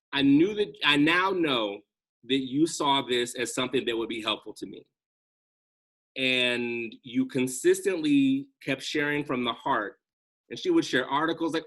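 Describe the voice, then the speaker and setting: A man's voice: medium pitch, fairly bright tone. A man speaking earnestly as a guest on a video call, reflective and conversational, often checking in with "right?".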